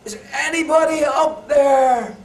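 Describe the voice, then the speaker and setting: A man voicing a desperate man hanging from a cliff branch, shouting up for help in a high, loud voice. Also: a little slow, vocal fry, exaggerated voice. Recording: echoey hall, far from mic.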